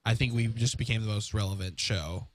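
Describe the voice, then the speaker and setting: A man co-hosting a casual talk show, chatting in a relaxed, agreeable way. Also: lowish voice, a little fast, slight background noise. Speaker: co-host.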